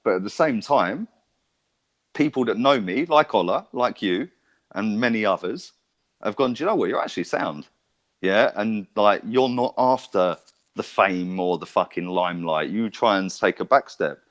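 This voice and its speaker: A man's voice: fairly low pitch, a little slow. A man, telling rambling stories and swearing freely as a podcast co-host. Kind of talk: casual chat.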